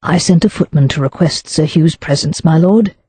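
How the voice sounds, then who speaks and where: A woman narrator voicing a dignified male butler who speaks with measured deference. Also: deep voice, dark tone, slightly rough, dry recording. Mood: deferential.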